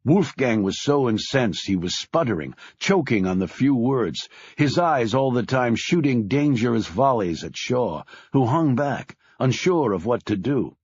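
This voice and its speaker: A man reading a thriller audiobook in a grave, measured way, dropping low on sad lines. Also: animated, darkish tone, breathy edge, dry recording, dull audio. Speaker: audiobook narrator. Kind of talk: scripted audiobook narration.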